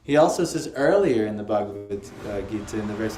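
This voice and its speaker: A man giving a spiritual lecture on scripture to a small group, lively and asking his listeners questions. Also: on the low side, fast, few pauses, background noise. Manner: lively, asks the audience questions. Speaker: spiritual teacher. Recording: echoey room, faint ambience.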